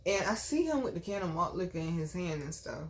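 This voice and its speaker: A woman with a slightly low voice tells a story from her own life to her vlog audience. She is emphatic and chatty, and keeps breaking off to address her viewers directly. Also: sing-song, brisk. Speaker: vlog host telling a personal story. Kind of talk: casual storytelling.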